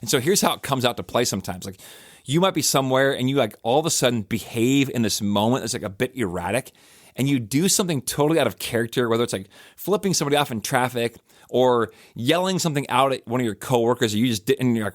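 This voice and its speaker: A man's voice: medium pitch, lively intonation, fast, no echo, clean studio sound. A man hosting a church podcast, telling stories in a loose, rambling way with many fillers and restarts. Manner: rambling, self-correcting storyteller with frequent fillers. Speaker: pastor and podcast host. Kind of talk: casual podcast talk.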